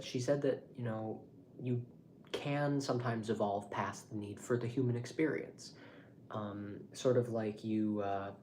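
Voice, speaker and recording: A man's voice: on the low side, slight background noise. Rambling, swearing young man. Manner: rambling, animated, swears freely. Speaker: vlogger. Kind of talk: casual monologue to camera.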